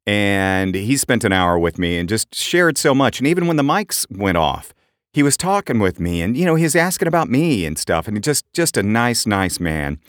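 A middle-aged man co-hosting a podcast, telling animated anecdotes in casual chat and jumping up in pitch for quoted voices. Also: normal speed, dry recording, clean studio sound. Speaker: podcast co-host.

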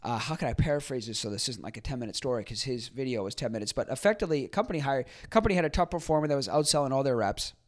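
A man's voice: mid-range voice, expressive, rapid-fire, few pauses. A man hosting a podcast, talking casually and reflectively with many fillers and restarts. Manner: acts out quoted people in a livelier voice. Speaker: podcast host. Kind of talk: casual solo commentary.

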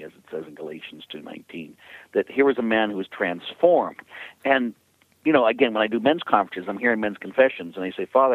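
A man's voice: fairly low pitch, husky, dry recording. A man who is a priest and author, speaking as an interview guest in an emphatic, preacherly way. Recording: tinny phone line, dry.

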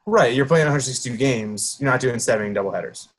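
A man co-hosting a podcast in casual chat, with dry jokes, swearing and quick quips. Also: mid-range voice. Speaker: podcast co-host.

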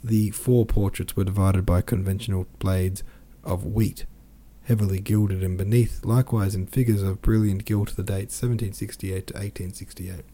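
A man reading a classic novel aloud for a podcast, with quick asides of his own between passages. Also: deep voice, little pitch movement, warm tone. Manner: reads with quoted dialogue and brief asides. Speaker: podcast reader.

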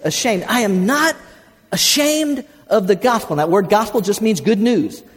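A pastor with a high-pitched, expressive, slightly rough voice preaches at a normal speed in a reverberant sanctuary. He tells folksy stories and calls on the congregation to answer back.

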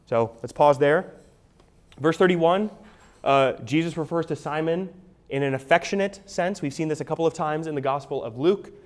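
A man's voice: on the high side, normal speed. A man preaching an expository sermon as a pastor, explaining in a conversational teaching manner with frequent restarts and an asked "right?".

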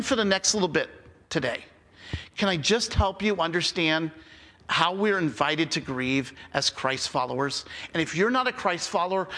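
A man's voice: fairly high pitch, sharp tone, long reverb tail. A man preaching a sermon as pastor, talking conversationally, repeating key phrases and checking in with "okay?".

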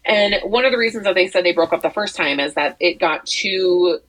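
Woman podcast co-host, low-pitched and husky, casual rambling chat full of "um"s. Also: brisk, fairly bright tone, low-quality recording. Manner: rambling, many fillers and restarts. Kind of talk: casual chat about entertainment news.

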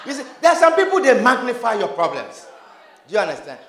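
A man preaching a sermon to a congregation, animated, acting out dialogue and breaking into shouts and laughter. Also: extremely high pitch, quick pace, some chatter behind. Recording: roomy echo.

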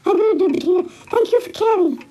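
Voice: very high voice, expressive, fairly quick, mellow, a little hiss or hum. A performer voicing Ig, a timid, worried helper who stammers and hesitates and is out of breath. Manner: hesitant, many ums and stammers.

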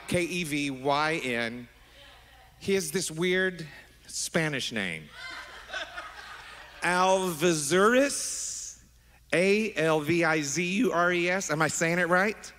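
A middle-aged man preaching as a pastor, animated and affectionate, wandering into asides with his congregation. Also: a little high, a little slow. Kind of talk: sermon. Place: large church sanctuary. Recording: long hall reverb.

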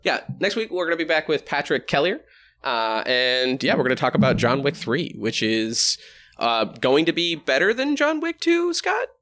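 A man's voice: fairly high pitch, big pitch swings, normal speed, fairly bright tone. A man hosting a casual podcast, rambling and laughing at himself as he wraps up the show. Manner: laughing, rambling, self-mocking. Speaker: podcast host.

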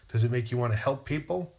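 A man's voice: mid-range voice, gravelly, a little mellow. Guy rambling on about happiness, playful and musing, lots of questions. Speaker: writer. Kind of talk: rambling philosophical monologue.

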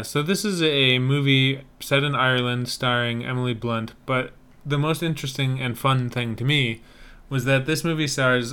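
A man's voice: mid-range voice, fairly bright tone, clear, resonant tone. A man co-hosting a casual podcast, chatting about movie trailers with wry, joking banter. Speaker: podcast co-host.

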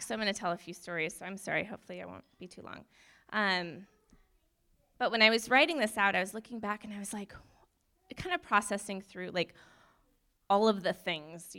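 A woman's voice: medium pitch, bright, forceful tone. A young woman, a nurse, sharing a personal testimony in a rambling, nervous, self-deprecating way, laughing often between sentences.

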